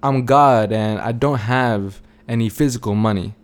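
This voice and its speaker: A gentle, polite God who speaks calmly and patiently, as a man voices him in a story. His voice is the storyteller's own, at a middle pitch for a man. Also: measured pace, natural voice. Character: calm kindly male God on earth.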